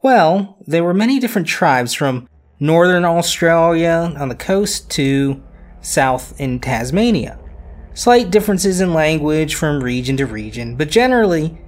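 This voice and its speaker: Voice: medium pitch, animated, unhurried. A podcast host narrating history casually, often repeating words and making self-deprecating asides.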